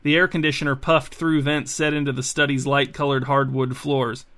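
A man hosting a podcast and reading a bedtime story in a calm, even narration. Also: medium pitch, normal speed.

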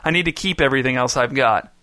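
A man reading aloud voices a sullen, stubborn young boy in a storybook, curt and flat. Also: mid-range voice, fast, no echo, studio quality, natural voice.

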